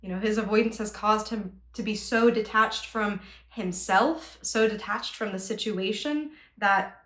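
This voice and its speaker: A woman working as a relationship coach, talking in a thoughtful, measured, analytical way in a podcast discussion. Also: mid-range voice, a bit bright, echoey room.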